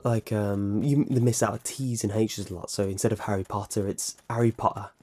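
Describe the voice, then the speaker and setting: Young British YouTuber man with a mellow tone and crisp enunciation; rambling, self-correcting fan Q&A delivery. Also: lowish voice, steady tone, a little fast. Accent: British, precise enunciation. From Britain. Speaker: YouTube narrator answering fan questions. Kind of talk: casual Q&A vlog.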